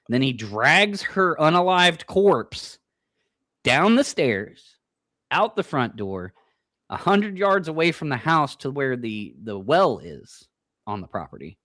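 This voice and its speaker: A man's voice: medium pitch, very animated, slow, bright, forceful tone, no echo, studio quality. A man with a Midwestern American accent, co-hosting a paranormal podcast, telling stories in a laid-back way, swearing and laughing often. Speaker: paranormal investigator and podcast co-host. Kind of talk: casual chat.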